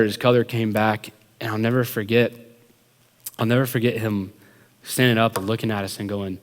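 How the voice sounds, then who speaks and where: A man preaching to young adults, telling a story with lively, casual delivery and plenty of filler words. His voice rings out with a long reverb, as in a large church hall. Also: medium pitch. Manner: animated storyteller, acts out quotes, many "like" fillers. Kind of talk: storytelling sermon.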